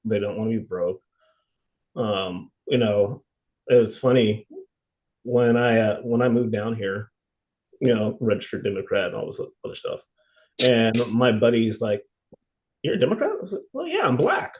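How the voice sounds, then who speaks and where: A man's voice: on the low side, steady tone, measured pace, pauses often, darkish tone, poor audio. A man hosting a podcast in casual chat, telling stories in a laid-back way.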